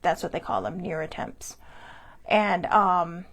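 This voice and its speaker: A woman's voice: on the low side, very animated, unhurried, fairly bright tone. A woman hosting a personal mental health talk, speaking in a candid, confessional way. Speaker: host.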